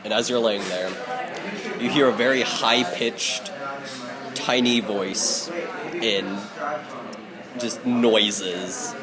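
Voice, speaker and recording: A man's voice: lowish voice, steady tone, very slow, long pauses, a loud crowd. A man narrating as game master in a loose, casual way, laughing often.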